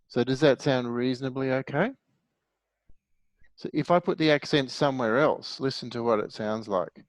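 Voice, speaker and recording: A man's voice: mid-range voice, moderate pace, dry recording, poor audio. Patient male music teacher, middle-aged, dry close mic. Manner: patient, explanatory, asks the class questions. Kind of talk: online music theory lesson.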